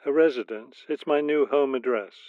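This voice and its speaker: A man's voice: medium pitch, normal speed, dry recording, lightly acted. A man playing an office manager who calls to arrange a phone line in a scripted exam dialogue, giving plain, cooperative answers. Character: polite male office manager calling to order a phone line. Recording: tinny dry phone-like studio audio.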